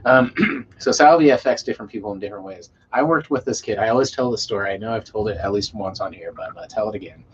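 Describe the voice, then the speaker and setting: A man telling a rambling story to a live chat, swearing a lot and trailing off into quiet mumbles. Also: lowish voice, fast. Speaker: streamer reading chat. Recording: dull lo-fi mic with faint hiss.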